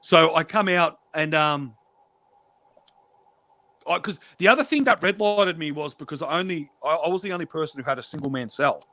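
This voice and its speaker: A man's voice: on the high side, normal speed, pushed and bright, no room sound. A man telling prison stories on a stream in a blunt, profane way, acting out the exchanges he quotes. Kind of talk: casual storytelling.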